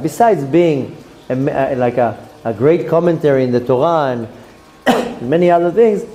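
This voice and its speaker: A man's voice: medium pitch, mellow. A man, a rabbi giving a Torah lesson as a story and acting out the characters' lines.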